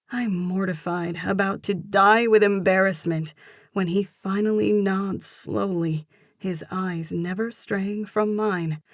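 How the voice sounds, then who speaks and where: Gravelly woman reading a romance. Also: mid-range voice, no echo, studio quality. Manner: steady first-person storytelling. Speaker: audiobook narrator. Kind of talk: scripted romance narration.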